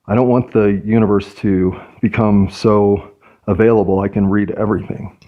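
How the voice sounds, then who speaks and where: A man's voice: lowish voice, level tone, normal speed, dull audio. A man talking through his thoughts in a reflective personal monologue, hesitant and searching for words. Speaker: podcast host.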